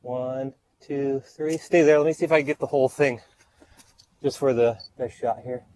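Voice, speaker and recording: A man's voice: mid-range voice, fairly even intonation, normal speed, darkish tone, no echo, low-quality recording. A man photographing a model outdoors, out of breath, counting off shots and giving short directions. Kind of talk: on-location shoot commentary. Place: outdoors by a street.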